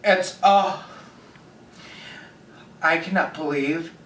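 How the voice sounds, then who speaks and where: A young man hosting a reaction video, gushing dramatically and breaking into quick asides as he reacts. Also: fairly high pitch, fairly bright tone, a little hiss or hum. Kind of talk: excited reaction commentary. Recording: echoey room, distant mic.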